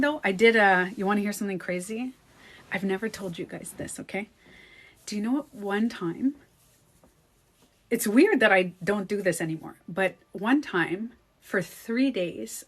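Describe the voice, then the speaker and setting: A woman and beauty coach talking to her viewers in a casual vlog. She is chatty, restarts her sentences, and swings between hushed asides and excited retelling. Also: medium pitch.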